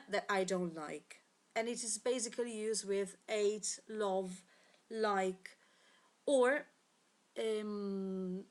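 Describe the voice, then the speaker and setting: A woman, an English teacher giving a recorded grammar lesson, pausing often and correcting herself as she explains. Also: medium pitch. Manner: hesitant, frequent fillers and self-corrections.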